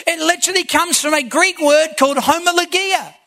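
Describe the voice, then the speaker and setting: A male pastor preaching a sermon, telling stories and building to shouted emphasis. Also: very high-pitched, a little fast. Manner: preaching with rising, shouted emphasis and storytelling asides.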